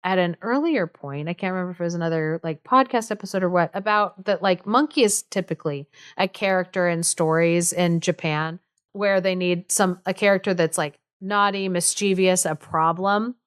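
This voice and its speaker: A chatty woman co-hosting a podcast, telling a folk tale with frequent giggles and casual fillers. Her voice sits at a middle pitch and sounds smooth and clear. The sound is dry and close. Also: normal speed, no echo. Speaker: podcast co-host. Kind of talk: casual storytelling chat.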